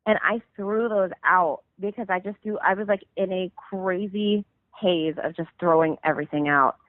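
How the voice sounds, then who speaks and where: Woman musician in her 30s calling in, rambling storyteller, low-ish voice, tinny dry phone sound. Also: moderate pace, no echo. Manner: rambling, filler-heavy, lots of "like". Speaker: musician guest. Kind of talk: casual storytelling over the phone. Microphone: phone call.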